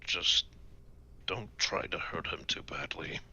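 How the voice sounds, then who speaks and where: A man voicing a grim, weary young warrior in a tabletop game, speaking in a halting, guarded way with a husky voice. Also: deep voice, pushed and bright, full character voice. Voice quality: gravelly, husky. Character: grim gravelly young male warrior, estranged son. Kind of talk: in-character tabletop role-play.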